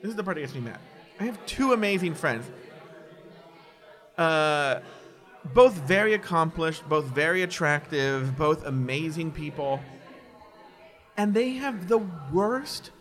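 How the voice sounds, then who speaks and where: A man's voice: fairly high pitch, unhurried, pauses often. A man in casual conversation, telling personal stories candidly and animatedly, sometimes mocking people by quoting them. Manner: candid, animated storyteller, does mocking quoted voices. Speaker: podcast guest.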